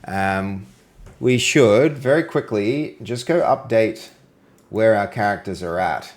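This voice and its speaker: A man with a fairly low-pitched voice talks through his game design work on a live stream. He thinks aloud as he goes, filling pauses with "um", and stops to answer messages from viewers. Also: expressive. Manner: thinks aloud with many "um" fillers. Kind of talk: live-streamed development commentary.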